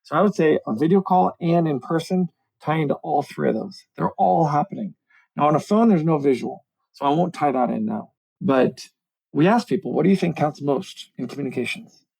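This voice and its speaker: A man's voice: on the high side, fairly quick, gravelly, breathy edge, rough recording. A middle-aged man, a communications coach, speaking animatedly on a video call interview. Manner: animated, explanatory, self-deprecating. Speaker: communications coach, podcast guest. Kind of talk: conversational podcast interview.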